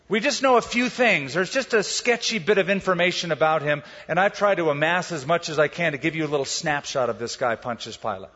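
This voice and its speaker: A man preaching a sermon in a fairly high voice, telling it like a story and acting out the people in it. The sound is a bit muffled and rings with long reverb from a big hall. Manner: animated storytelling, acts out quotes. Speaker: pastor. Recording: dull, echoey hall recording.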